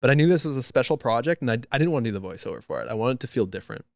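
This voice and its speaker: Racing along with lively intonation, a mid-range-voiced man co-hosts a podcast, chatting casually and telling stories. He acts out many quotes from the people in them. The recording has no room sound and is studio quality.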